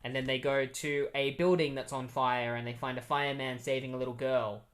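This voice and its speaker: A man giving a casual, rambling comic book recap, full of fillers and restarts, who gets animated when quoting characters. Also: medium pitch, fairly quick.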